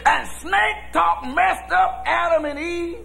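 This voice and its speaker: Man preaching in church, real high gravelly voice, hollering in that folksy cadence. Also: slow pace, pushed and bright, faint music behind. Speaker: pastor. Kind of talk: sermon. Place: church with congregation.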